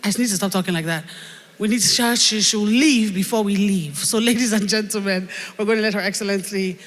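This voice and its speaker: A woman's voice: medium pitch, brisk. A woman emceeing a live event with a Nigerian accent, joking and playful, coining made-up words. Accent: Nigerian English. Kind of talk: live stage hosting. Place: large event hall. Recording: reverberant hall through PA.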